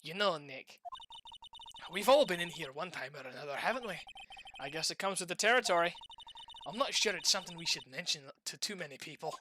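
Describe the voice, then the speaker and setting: A woman voicing a dry, sarcastic young male defense lawyer, lowering her voice. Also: fairly quick, noisy background, lightly acted. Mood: flustered. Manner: deadpan, sarcastic.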